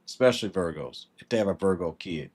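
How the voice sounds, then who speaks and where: Speaking fast on his livestream, a man gives casual but blunt and emphatic advice while saying hello to viewers by name. His low, husky voice is expressive and a little mellow.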